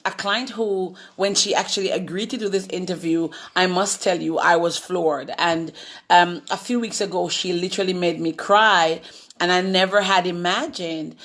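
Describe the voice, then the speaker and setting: A woman's voice: on the low side, fairly bright tone. A woman life coach hosting a live-streamed interview, talking earnestly and emphatically, with repeated phrases.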